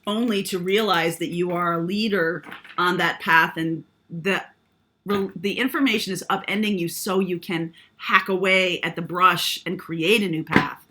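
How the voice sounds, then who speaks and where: A woman's voice: lowish voice, fairly even intonation, a little slow, pushed and bright. A woman giving a casual spiritual tarot reading, rambling and often checking in with "okay?". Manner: meandering, frequent "um" and tag "okay?". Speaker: tarot reader.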